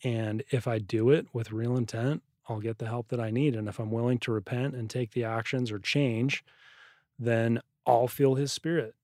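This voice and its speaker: A man's voice: mid-range voice, steady tone, moderate pace, darkish tone, no room sound, clean studio sound. A man co-hosting a faith podcast, speaking earnestly and thoughtfully with frequent restarts. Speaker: podcast co-host. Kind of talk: casual testimony chat.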